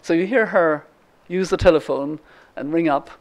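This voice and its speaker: Giving a lecture as a guest speaker, a seventy-something Irish woman relates a story, often restarting and saying um. The voice is low and darkish, delivered at a moderate pace.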